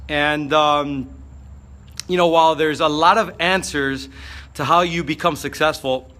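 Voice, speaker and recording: A man giving an energetic motivational vlog talk, fired up, with frequent fillers. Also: a little high, a little slow. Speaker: motivational speaker.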